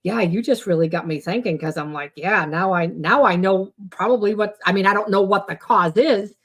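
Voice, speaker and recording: A woman chatting casually as a guest, telling personal stories and quoting herself with lively exclamations. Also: moderate pace. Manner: animated storyteller, quotes herself with high exclamations. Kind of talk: casual chat.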